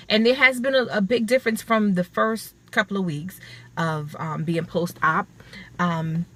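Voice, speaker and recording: Earnest woman vlogger, lowish voice. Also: fairly bright tone, a little hiss or hum. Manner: earnest, rambling, repeats herself for emphasis. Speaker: vlogger sharing her weight-loss surgery recovery. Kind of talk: casual talk to camera.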